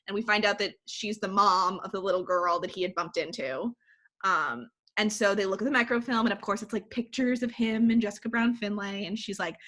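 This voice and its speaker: Talking fairly quickly in a medium-pitched voice, this woman co-hosts a podcast and eagerly retells a film's plot during casual chat. "Like" fills her storytelling throughout.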